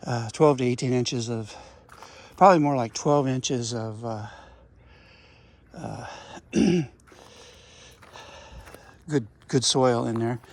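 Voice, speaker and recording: With a mid-range voice, a slow pace and frequent pauses, a rancher chats casually for his vlog while working in his garden outside. He's folksy and rambling, drifts away from the subject, and throws in folksy exclamations.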